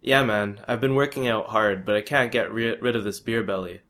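Man doing cocky young male friend, laid-back slang, boastful, slightly low voice. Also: steady tone, moderate pace, a bit bright.

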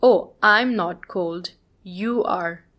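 A woman's voice: medium pitch, extremely slow, a bit bright. A woman reading the part of an elderly grandmother, stubborn and teasing. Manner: playful, stubborn.

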